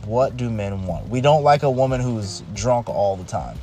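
A man in his thirties, his voice fairly low and warm with lively intonation at normal speed, talks casually at home while heavy rain pours and faint music plays. He's emphatic, repeats himself and keeps restarting phrases.

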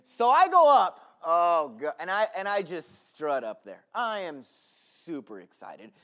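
A man preaching a sermon full of storytelling, swinging between shouts and hushed asides. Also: high-pitched, big pitch swings, measured pace. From Southern California.

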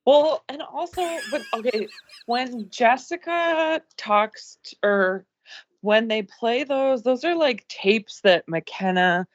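A woman's voice: on the high side, lively intonation, slow pace, no echo. Woman on a dull, dry podcast mic. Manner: incredulous, quotes characters, swears. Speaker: podcast co-host. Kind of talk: casual chat reviewing a TV episode.

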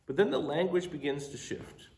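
A man's voice: on the high side, normal speed, darkish tone. Middle-aged man preaching in an echoey room. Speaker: pastor. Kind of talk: sermon.

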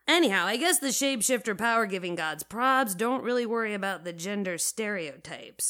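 A woman's voice: medium pitch, moderate pace, few pauses. Wry young woman narrating a story. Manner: wry, casual, deadpan. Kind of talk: first-person audio fiction narration.

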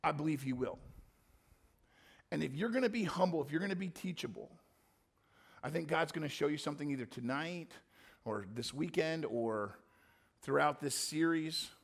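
A man's voice: fairly high pitch, expressive, normal speed, creaky, pauses often. A male pastor preaching a sermon, telling a story with dramatic shifts.

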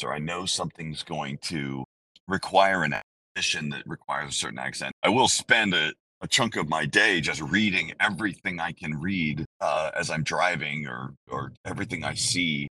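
A very low, bright-edged male voice with a husky grain, talking candidly and in long, rambling sentences that he keeps restarting. It sounds dry and close to the mic, with no room around it. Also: no echo, low-quality recording. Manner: candid, rambling, self-interrupting. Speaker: voice actor guest. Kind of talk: casual interview conversation.

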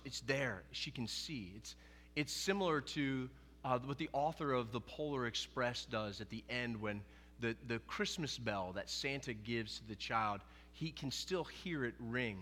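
A man preaching a sermon as pastor, in an animated, conversational way, often acting out quoted dialogue. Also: mid-range voice, long reverb tail.

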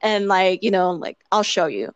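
Woman rambling through a story, like like like, voices the quotes, mid pitch, dry sound. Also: expressive, normal speed, smooth, no echo, dull audio. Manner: rambling with many "like" fillers; acts out quoted dialogue. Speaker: interviewee. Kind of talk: casual storytelling.

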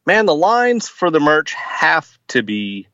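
A man's voice: fairly high pitch, sing-song, slow, bright, forceful tone, highs cut off. A man in his forties, a podcast guest, chatting casually and hesitantly with many fillers and restarts. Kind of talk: casual chat.

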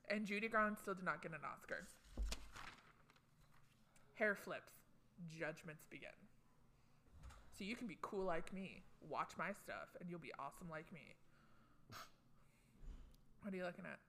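A woman's voice: lowish voice, gravelly, bright, forceful tone, a little hiss or hum. A young woman co-hosting a casual pop culture chat, chatty and gossipy, tossing in joking asides. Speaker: co-host.

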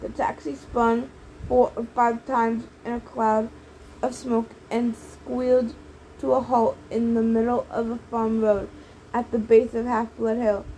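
A woman doing lively audiobook narration, reading a story aloud. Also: fairly high pitch, unhurried, slight background noise, poor audio. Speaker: audiobook reader.

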